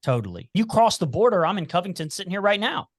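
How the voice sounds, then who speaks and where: A man's voice: sits high, sing-song, quick pace, no echo, studio quality. A man from the Cincinnati area with a slight Appalachian twang, talking animatedly as a podcast guest in casual chat, often repeating and restarting words. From Cincinnati area, United States.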